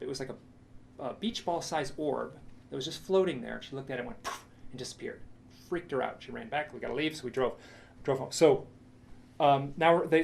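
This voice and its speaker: A man's voice: fairly high pitch, vocal fry, a little hiss or hum. A man presenting a lecture with slides, telling a story with enthusiasm, many restarts and asides.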